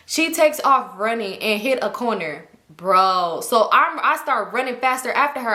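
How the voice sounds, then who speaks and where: A young woman telling a casual storytime, animated and profane. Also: on the high side. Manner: animated, profane, acts out quotes in raised voices. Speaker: storytime host. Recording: echoey room.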